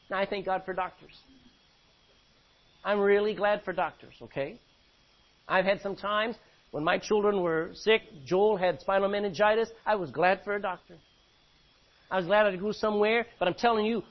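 A man preaching a sermon, swinging between loud emphatic bursts and quiet, low asides. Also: muffled recording. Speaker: pastor.

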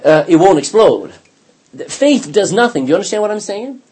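A man's voice: sits high, big pitch swings, brisk, a little mellow, breathy edge. A man leading a Bible study, reading scripture aloud and explaining it with emphatic repetition and questions to the class. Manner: emphatic, repeats key words, asks the class questions. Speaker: Bible teacher.

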